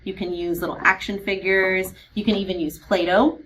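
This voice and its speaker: A woman kindergarten teacher walks parents through reading practice in a clear, patient voice. She slows down to model words and letter sounds carefully. A faint noise sits under the recording. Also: medium pitch, little pitch movement, a bit bright, rough recording. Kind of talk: instructional video for parents.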